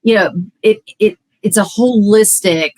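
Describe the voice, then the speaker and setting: A woman's voice: mid-range voice, unhurried, darkish tone, no echo, rough recording. A woman coach in a podcast conversation, earnest and talking in long, flowing run-on sentences.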